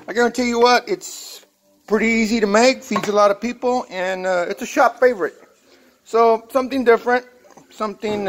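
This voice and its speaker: A man's voice: high voice, slight background noise. Folksy Texan man, rambling. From Texas. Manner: rambling, folksy, filler-heavy talk. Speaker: mechanic shop worker sharing a recipe. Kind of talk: casual how-to vlog.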